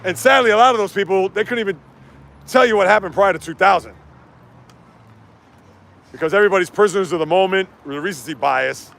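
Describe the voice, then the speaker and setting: A man hosting a casual sports livestream outdoors while walking, ranting and reading chat comments in an animated way. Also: high-pitched, brisk, gravelly, pauses often.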